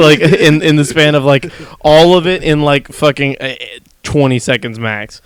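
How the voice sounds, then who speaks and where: A man's voice: fairly high pitch, moderate pace, few pauses, dry recording. A young man co-hosting a casual livestream podcast, telling stories with lots of energy and swearing freely. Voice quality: smooth, clear voice. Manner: animated storyteller, swears freely. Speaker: podcast co-host. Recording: dry close mic.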